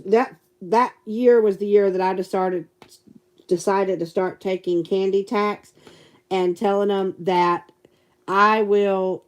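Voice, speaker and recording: A woman's voice: medium pitch, a little mellow. A woman chatting casually to a live stream audience, giggly and rambling. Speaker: livestream host and teacher.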